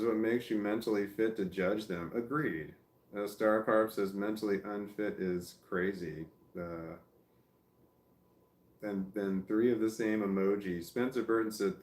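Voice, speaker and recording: Low-voiced man reading chat on a livestream. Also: roomy sound. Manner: swears a lot, flares into angry ranting.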